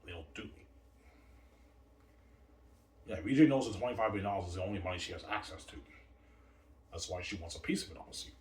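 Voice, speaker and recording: A man rambling and boasting in a repetitive monologue, recorded in a roomy space far from the mic. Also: deep voice. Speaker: vlogger. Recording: roomy, distant from mic, faint noise.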